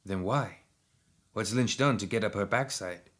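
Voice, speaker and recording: Gruff, profane, hot-headed male fighter, voiced by the narrator; low and rough. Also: a little slow, a bit bright. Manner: snapping, profane. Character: gruff, crude male hybrid fighter, short-tempered.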